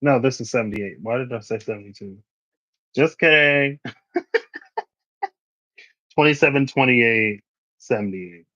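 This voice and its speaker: A man's voice: medium pitch, normal speed, pauses often, fairly bright tone, no echo, lo-fi sound. A man reading tarot for a casual vlog, chatting and musing as he reads card meanings aloud. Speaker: tarot reader.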